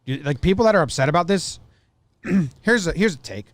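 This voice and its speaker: A man's voice: on the high side, lively intonation, a little fast, no room sound. Blunt, joking male podcast co-host. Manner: blunt, joking, acts out little scenes. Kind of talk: casual chat.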